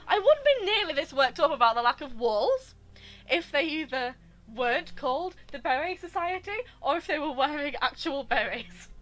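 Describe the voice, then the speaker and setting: A woman giving live gaming stream commentary through a headset, ranting in an exasperated, animated way. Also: sits high. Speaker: game streamer.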